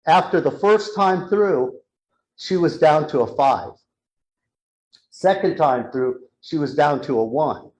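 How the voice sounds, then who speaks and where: A man giving a live talk to an audience, telling an animated story and acting out the dialogue. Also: fairly high pitch, takes it slowly, low-quality recording. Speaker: speaker. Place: church hall with a live audience.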